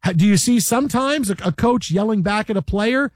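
A high-pitched man on a sports talk show, pressing his point hard and circling back to it again and again. His voice sits close and dry on the studio mic, with no room around it. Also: lively intonation, brisk, dry recording. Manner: emphatic, repeats himself, mimics coaches yelling. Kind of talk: animated sports radio debate.

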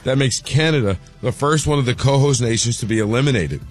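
Casting: brisk male sports-news reader, mid-pitched voice. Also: soft background music. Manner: brisk, newsy delivery.

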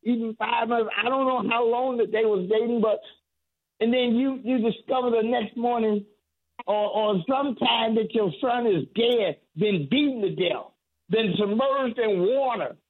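Earnest man on a tinny phone line. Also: very high voice. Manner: earnest, halting with repeated restarts. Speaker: reverend, radio guest. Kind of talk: call-in radio talk.

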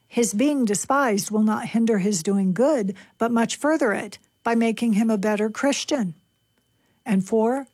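Woman, radio book reading, calm measured delivery, dry close sound. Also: medium pitch, no echo.

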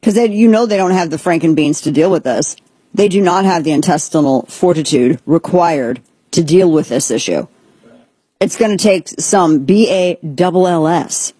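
A woman's voice: fairly low pitch, animated, normal speed, warm tone, slightly rough, dry recording. A woman hosting a political talk show, giving rambling, sarcastic and exasperated commentary.

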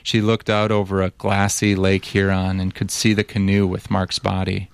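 A man reports and narrates a documentary story in a measured, even manner, and also asks interview questions. His voice sits low, smooth and creaky, with no echo.

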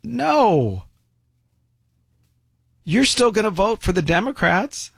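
A man's voice: medium pitch, expressive, moderate pace, no echo. A man giving an opinion commentary monologue in a folksy, sarcastic way with many asides.

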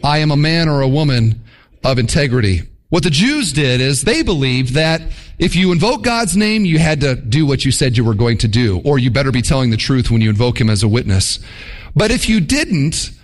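A man preaching a sermon in an animated way, acting out quick mock voices to make his points. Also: medium pitch. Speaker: pastor.

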